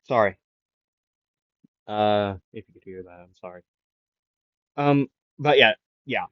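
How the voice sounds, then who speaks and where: Halting, rambling man on a dull mic. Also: lowish voice, dry recording. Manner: rambling, halting, full of fillers and restarts. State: recovering from a sore throat, avoids raising voice. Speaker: fan storyteller. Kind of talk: improvised fan story narration.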